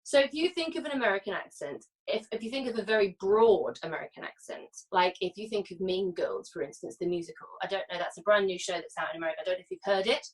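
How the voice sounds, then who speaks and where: A British vocal coach with a medium-pitched voice leads a singing masterclass, talking quickly with few pauses and often checking in with "yeah?" and "okay?". She sounds far from the mic, and the recording is rough.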